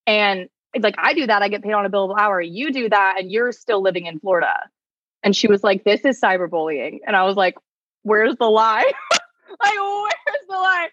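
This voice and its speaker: Chatty, animated woman on a podcast. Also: medium pitch, no echo, muffled recording. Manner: fast, animated storytelling full of "like". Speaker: attorney and content creator, podcast guest. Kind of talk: casual podcast chat.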